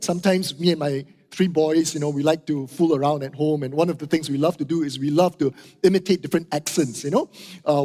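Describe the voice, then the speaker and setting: Middle-aged man, high-voiced emphatic preacher, long hall echo. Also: darkish tone. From Singapore. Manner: emphatic, repeats key phrases, asks "right?" and "okay?". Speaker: pastor. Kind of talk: sermon. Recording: hall reverb.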